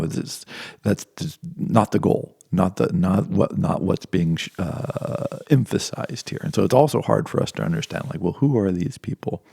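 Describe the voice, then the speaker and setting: A man's voice: sits low, vocal fry, warm tone, husky, no echo, studio quality. A middle-aged man giving an informal lecture, rambling with many restarts and playfully acting out imagined speakers.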